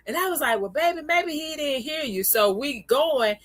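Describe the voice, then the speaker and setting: A woman's voice: sits high, expressive, moderate pace, fairly bright tone, dry recording. A woman hosting a casual livestream, chatting with viewers, greeting them by name and laughing often. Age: adult, parent of a young child. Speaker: livestream host.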